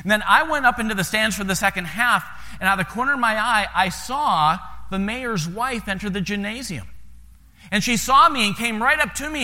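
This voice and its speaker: A man's voice: sits high, animated, brisk, bright, forceful tone, long reverb tail. A missionary pastor with an American accent tells stories to a congregation in a folksy way, often repeating words as he starts a sentence. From United States. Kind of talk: sermon storytelling to a congregation.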